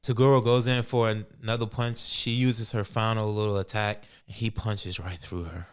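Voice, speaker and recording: A man's voice: fairly low pitch, flat delivery, moderate pace, smooth. A man co-hosting a podcast, casually retelling an anime fight and quoting the characters in playful voices. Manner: laid-back storytelling, quotes characters in playful voices. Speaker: podcast co-host. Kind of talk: casual anime recap chat.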